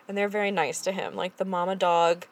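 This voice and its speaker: A woman in casual conversation, speaking in a relaxed way with many fillers and short agreements. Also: lowish voice, a little fast. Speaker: podcast co-host. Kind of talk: casual chat.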